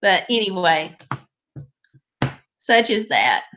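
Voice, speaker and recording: A woman's voice: medium pitch, very animated, slow, background noise. A woman hosting a live stream, chatting casually and directly with her viewers.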